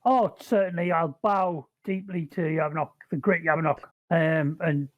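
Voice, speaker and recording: A man's voice: fairly high pitch, steady tone, a little slow, no room sound, dull audio. A man talking as a player in a tabletop game, jokey and chatty. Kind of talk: casual chat in a tabletop game.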